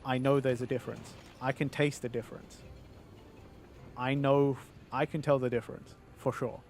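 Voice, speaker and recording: A man's voice: mid-range voice, fairly even intonation, normal speed. A male streamer chatting casually on a livestream, reading viewer messages aloud and answering them.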